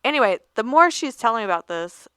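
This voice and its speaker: A woman co-hosting a podcast, chatting casually and telling animated stories, acting out the voices of callers. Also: fairly high pitch, fast talker, smooth, dry recording. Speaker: podcast co-host. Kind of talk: casual chat.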